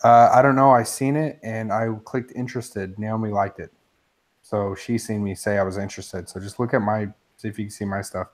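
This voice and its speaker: A man co-hosting a casual live-streamed hobby talk show, excitable and joking. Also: fairly low pitch, brisk. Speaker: podcast co-host.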